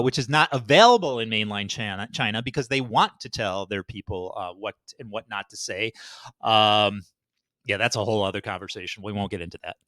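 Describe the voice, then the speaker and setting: A man's voice: medium pitch, a bit bright, no echo. A man commenting casually while reading through a web page, rambling, swearing and correcting himself as he goes. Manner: rambling, profane, self-correcting.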